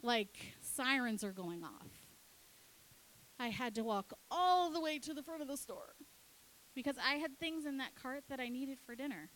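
A woman pastor preaching, telling a story with lively acted-out dialogue. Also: high voice, a little hiss or hum, rough recording. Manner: animated, acts out her kids and herself in quick dialogue. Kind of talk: sermon storytelling.

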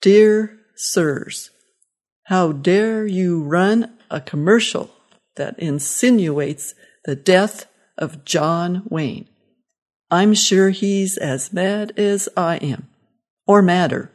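Reading a storybook aloud, a woman voices a cranky elderly father-in-law who is fussy, indignant, and confused as he grumbles his complaints. Her voice is low for a woman and a little mellow, with drawn-out words, and she keeps it plainly read rather than heavily acted.

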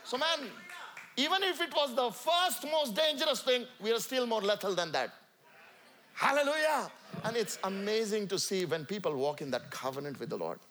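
Man, Indian accent, sermon, emphatic, high voice, bright tone. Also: expressive, brisk. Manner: emphatic, rising and falling between loud calls and quiet asides. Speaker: preacher. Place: church sanctuary.

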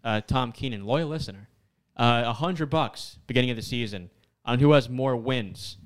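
Man, mid-pitched, joking sports banter, easy laugh. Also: normal speed. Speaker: podcast co-host. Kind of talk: casual sports chat.

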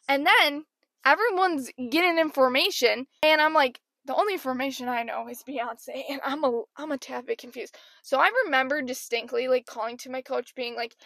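Chatty high-pitched young woman, gravelly edge. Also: moderate pace, sharp tone, dry recording. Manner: chatty, self-deprecating, lots of "like". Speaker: podcast host. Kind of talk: casual storytelling.

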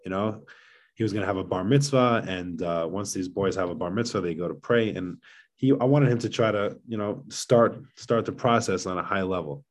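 Man, middle-aged, very deep voice, earnest, repeats himself, podcast guest. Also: moderate pace. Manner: earnest, repeats words and restarts often. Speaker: guest, father of seven. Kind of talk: casual podcast conversation.

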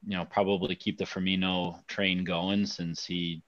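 A man's voice: low-pitched, little pitch movement, moderate pace, a bit bright, no room sound, highs cut off. A man hosting a casual football podcast, talking hesitantly with many fillers. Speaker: podcast host.

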